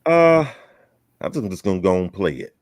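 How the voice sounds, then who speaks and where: Deep-voiced teasing man hosting a show. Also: sing-song, brisk, dry recording. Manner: folksy, teasing, drawling southern talk. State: out of breath. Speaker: host. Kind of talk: casual chat show welcome.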